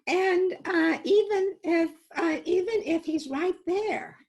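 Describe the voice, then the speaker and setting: A woman's voice: extremely high pitch, slow, darkish tone, rough recording. A woman presenting an instructional webinar, telling stories and explaining techniques, often hesitant with fillers and restarts. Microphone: video call.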